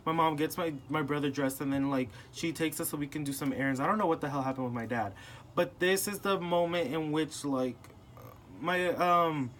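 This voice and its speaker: A young man speaks in a slightly high-pitched voice, talking casually and animatedly. He retells a family argument by acting out each person's lines. A faint hiss of noise sits under the recording. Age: young adult. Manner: animated, acting out family members in retold dialogue. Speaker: podcast host.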